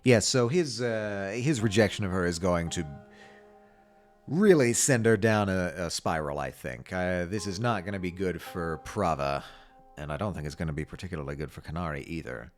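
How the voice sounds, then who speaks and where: A man streaming, reading a game's story aloud with measured, wry asides. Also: deep voice, soft background music. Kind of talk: reading a game aloud with commentary.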